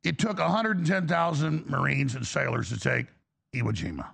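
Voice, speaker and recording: Male talk host, raspy gravelly voice, rambling, acts out quotes. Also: fairly high pitch, moderate pace, fairly bright tone. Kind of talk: call-in talk show.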